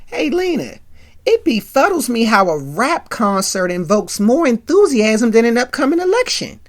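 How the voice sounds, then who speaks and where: Woman doing a haughty Southern belle, raised pitch. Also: sing-song, moderate pace. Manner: haughty, proper. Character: prissy refined young Southern belle.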